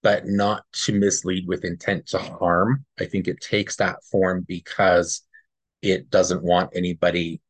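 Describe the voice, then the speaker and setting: A man's voice: low voice, level tone, measured pace, husky, no room sound. A man co-hosting a podcast, earnestly telling a personal story in a rambling, casual way and often checking in with "right?". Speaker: podcast co-host.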